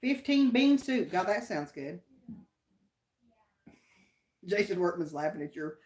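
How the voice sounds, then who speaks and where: A woman's voice: lowish voice, very animated, unhurried, pauses often, a little mellow. A woman with an Appalachian accent co-hosting a livestream, chatting in a homey, folksy way and reading viewer comments. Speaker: livestream co-host. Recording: roomy echo.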